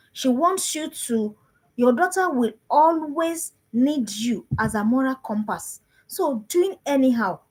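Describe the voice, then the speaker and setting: A woman's voice: a little high, breathy edge, rough recording. A woman, a parenting coach giving an emphatic talk to parents and repeating phrases for stress.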